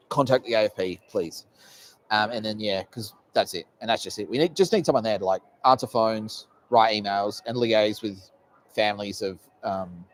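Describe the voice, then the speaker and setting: A man's voice: fairly low pitch, a little hiss or hum. An Australian man hosting a casual live podcast, rambling and swearing often with frequent laughs. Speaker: podcast host.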